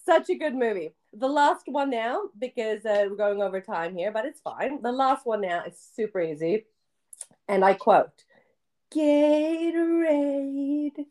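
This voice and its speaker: A woman's voice: mid-range voice, lively intonation, normal speed, a little mellow. A young woman hosting a casual podcast chat, giggly and chatty with lots of fillers. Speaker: podcast host.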